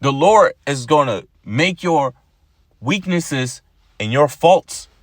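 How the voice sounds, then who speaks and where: A man's voice: on the high side, animated, slow, no echo, clean studio sound. A man preaching an informal sermon to his followers, blunt and profane, who keeps repeating his lines and ends his phrases with "man".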